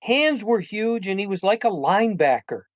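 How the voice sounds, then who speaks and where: A man with a somewhat high voice talks in an earnest, reflective way as a podcast guest. His voice comes through a tinny, phone-like line with a dry sound and no room echo. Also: lively intonation, moderate pace. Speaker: sports journalist guest. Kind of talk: casual interview chat.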